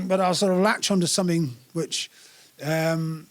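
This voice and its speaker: Rambling older musician telling stories. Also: male voice, high-pitched, moderate pace. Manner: rambling storyteller with frequent restarts and fillers. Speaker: musician guest. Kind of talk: relaxed interview chat. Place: small live venue.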